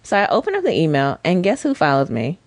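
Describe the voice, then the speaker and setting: Low-voiced, lively woman co-host. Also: quick pace, dry recording, studio quality. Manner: animated storyteller, expressive. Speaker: podcast co-host. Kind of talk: casual chat.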